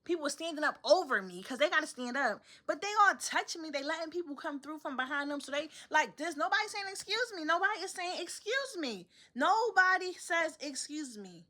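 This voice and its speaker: A woman's voice: high-pitched, brisk, hardly any pauses. A young woman vlogging from home, casually venting and acting out other people's lines. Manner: animated storytelling, acts out other people's lines.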